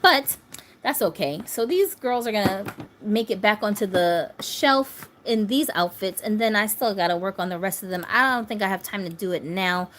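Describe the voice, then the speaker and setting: A woman's voice: medium pitch, lively intonation, normal speed, a bit bright, a little hiss or hum. A woman in her thirties hosting a doll channel, chatting casually on a phone livestream, laughing often and reading viewer comments aloud. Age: 30s.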